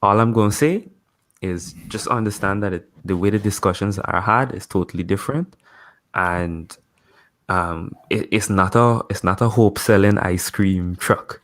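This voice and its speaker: A man speaking as a guest in a casual live-stream discussion, laying out his argument deliberately, point by point. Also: on the low side.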